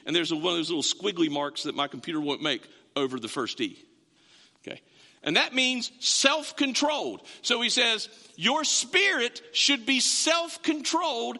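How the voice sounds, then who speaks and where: A man's voice: high voice, sharp tone, big-room sound. A man preaching a sermon as pastor, in a conversational way, repeating words and asking the congregation questions, in a church sanctuary.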